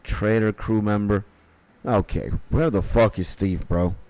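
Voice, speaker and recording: A man's voice: on the low side, fairly even intonation, measured pace, a little mellow, rough recording. A young man streaming a game, chatting casually with viewers, swearing freely and reading quest dialogue aloud. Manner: swears casually, greets chat viewers by name.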